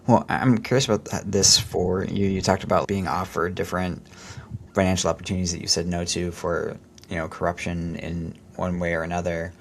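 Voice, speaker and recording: Deep gravelly male interviewer. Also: steady tone, a little hiss or hum. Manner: soft backchannels, measured questions. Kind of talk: interview questions.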